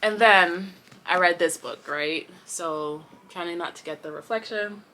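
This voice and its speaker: Bright-voiced chatty woman book vlogger. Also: lowish voice, measured pace. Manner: chatty, rambling, full of fillers and restarts; passionate and expressive. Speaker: booktuber. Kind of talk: casual chat to camera. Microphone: camera.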